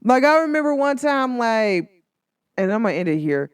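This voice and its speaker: A woman's voice: a little high, sing-song, normal speed, clean tone, no room sound, clean studio sound. Chatty encouraging woman host. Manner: chatty, encouraging, lots of "like" fillers. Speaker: podcast host. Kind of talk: casual motivational talk.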